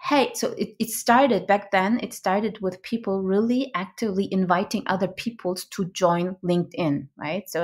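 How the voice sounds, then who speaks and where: A woman's voice: mid-range voice, moderate pace. A woman guest in an interview explaining her field, often tagging her points with "right?" and correcting herself as she goes. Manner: laughs easily. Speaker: podcast guest, product expert.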